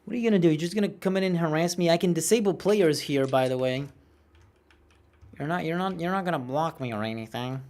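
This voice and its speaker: A man's voice: a little high, brisk, darkish tone. A man in his late twenties with a youthful-sounding voice, streaming a game, chatting casually and ranting with frequent swearing. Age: late 20s. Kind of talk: casual gameplay chat, reading viewer messages.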